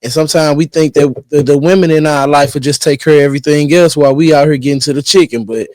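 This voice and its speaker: A man's voice: a little high, steady tone, quick pace, darkish tone, dry recording. A man hosting a reaction video, giving slangy, laid-back commentary. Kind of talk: casual commentary.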